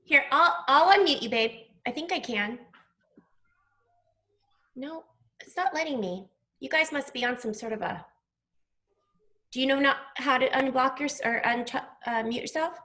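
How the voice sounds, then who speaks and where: A woman teaching young children in an online class, talking slowly and patiently, spelling out sounds. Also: sits high, bright, forceful tone.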